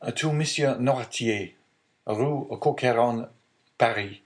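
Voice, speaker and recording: A man's voice: medium pitch, slow, pitched above the performer's own voice, natural voice. A man voicing an earnest, anxious young male sailor in a read-aloud storybook, in a slightly raised voice.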